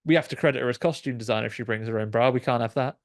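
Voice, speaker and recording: A man's voice: mid-range voice, racing, no room sound, studio quality. A man co-hosting a podcast in casual chat, wry and joking, laughing often. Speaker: podcast co-host.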